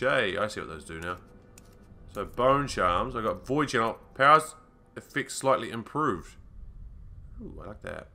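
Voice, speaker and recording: Bright-voiced man swearing through gameplay. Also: medium pitch. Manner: reads menu text aloud, swears casually. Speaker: let's play host. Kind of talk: casual gameplay commentary.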